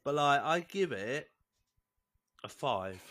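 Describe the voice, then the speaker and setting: An easygoing man with a mid-range voice, co-hosting and spinning the songs on a relaxed show. He giggles often and fills his talk with casual "yeah"s. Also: medium pitch, takes it slowly. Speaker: co-host and DJ.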